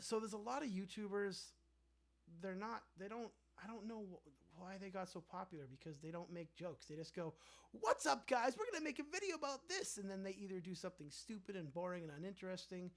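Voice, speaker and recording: A man hosting a casual livestream, answering viewer comments in a sarcastic, rambling way. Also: high-pitched. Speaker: livestream host.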